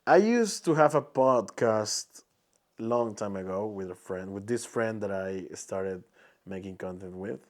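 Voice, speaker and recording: This young Peruvian man speaks English as a second language with a Peruvian Spanish accent, his voice on the low side, expressive and measured. He hosts a casual solo podcast, searching for words and restarting often.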